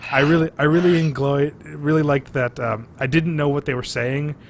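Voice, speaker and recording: A man's voice: on the high side, steady tone, moderate pace, gravelly, a little hiss or hum. A man co-hosting a casual podcast chat over drinks, talking animatedly, swearing freely and using lots of fillers. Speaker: podcast co-host.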